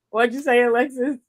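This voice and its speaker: A woman with a slightly higher voice than most, talking in a loose, rambling way. She giggles often and trails off into fillers as she chats on a podcast. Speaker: podcast co-host. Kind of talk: casual chat.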